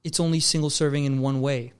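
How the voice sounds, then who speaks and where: A young man from Canada, a filmmaker guest, talks fast in a slightly high, steady, clean-toned voice. In a casual chat he spins a long story, laid-back and calling people bro and dude.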